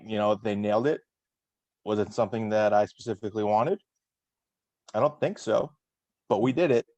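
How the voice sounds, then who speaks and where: A man's voice: fairly low pitch, a little mellow, no room sound. A man hosting a casual recap chat, rambling with many fillers and restarts. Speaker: podcast host.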